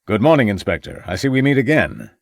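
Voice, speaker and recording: A man's voice: medium pitch, sing-song, no room sound, studio quality. Man reading as a drawling, assured American doctor. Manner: slow drawl, formal and assured. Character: slow-drawling American doctor, confident, unruffled.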